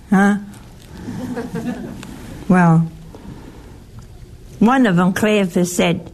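A woman leads a group Bible study in an informal, chatty way, teasing her listeners and asking them questions. Her mid-range voice is slow and darkish, with vocal fry and frequent pauses.

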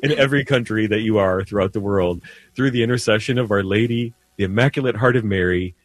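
Low-voiced priest on the radio, earnest. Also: male voice, fast, dry recording. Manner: earnest, repeats words while building a point. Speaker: priest guest. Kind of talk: radio talk on faith. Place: radio studio.

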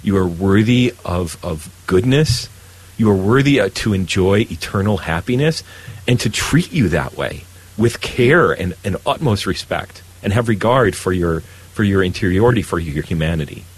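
A man who is a Catholic priest, talking earnestly about faith and trust in God, often pausing and restarting his sentences. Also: sits low, lively intonation, slightly rough, rough recording. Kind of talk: faith conversation.

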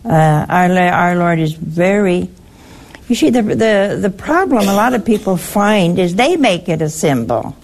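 An older woman hosting a call-in religious talk show, answering a caller slowly and emphatically and quoting scripture. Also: fairly low pitch, lively intonation, a little mellow, slight background noise. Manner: slow, emphatic, quotes scripture.

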